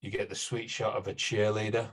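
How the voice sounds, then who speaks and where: Low-voiced man hosting a film podcast. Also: little pitch movement, brisk, slightly rough. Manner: hedging, explains with fillers. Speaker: podcast host. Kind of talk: casual film-review chat.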